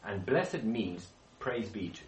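A man's voice: lowish voice, very animated, slow pace. A man leading a Bible study group, explaining with questions to the group and frequent restarts. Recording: echoey room, speaker far from mic.

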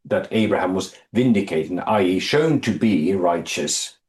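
A man leading a Bible study, reading scripture aloud, explaining it with halting restarts and quizzing his listeners. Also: low voice, animated, a little mellow. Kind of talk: Bible study teaching to a small group. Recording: echoey room.

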